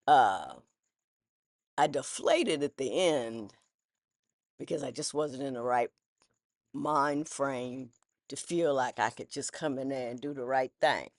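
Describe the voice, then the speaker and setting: A woman's voice: a bass voice, no echo, clean studio sound. A woman who was once a judge talks through her thoughts in a casual, candid monologue. She rambles and restarts, and her phrasing is folksy. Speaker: former judge sharing personal reflections.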